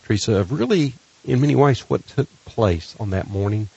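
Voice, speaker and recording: A man hosts a Christian radio show, his low voice a little husky. The sound is dry and slightly dull. He gives pastoral reflections and lifts his voice when he makes announcements. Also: expressive, normal speed, dark tone, dry recording. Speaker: radio host. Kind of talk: radio ministry hosting.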